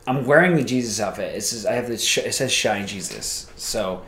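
A man's voice: lowish voice, fairly quick, echoey room. Rambling man telling a story. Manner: rambling, animated, acts out quoted voices. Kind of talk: casual storytelling.

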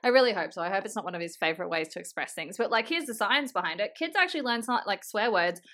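A woman co-hosting a casual podcast over a video call, expressive and quick to swing between loud and soft. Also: medium pitch. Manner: expressive, quick swings in loudness, laughs easily. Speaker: podcast co-host. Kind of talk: casual chat.

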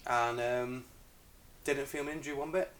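A man's voice: mid-range voice, steady tone, normal speed, fairly bright tone. A man co-hosting a podcast, talking in a laid-back, laughing way. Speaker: podcast co-host. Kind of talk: casual chat.

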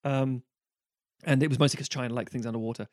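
A man, co-hosting a casual film chat, animated and swearing freely. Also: mid-range voice, quick pace, no room sound, clean studio sound. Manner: animated, swears freely, mock-quotes characters. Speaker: podcast co-host.

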